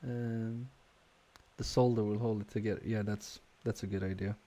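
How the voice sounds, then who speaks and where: A man with a lowish voice and fairly even intonation speaks at a moderate pace while repairing electronics on a live stream. He thinks aloud hesitantly, questioning himself, using lots of fillers and letting sentences trail off. Quietly focused, he mutters as he works.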